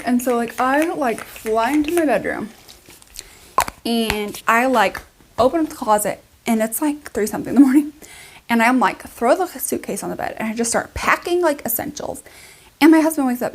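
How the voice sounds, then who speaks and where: A young woman with a somewhat high-pitched voice tells a long story in a casual, chatty way. She fills it with "like" and asides and keeps it animated as she does her makeup. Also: unhurried, long pauses. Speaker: beauty vlogger.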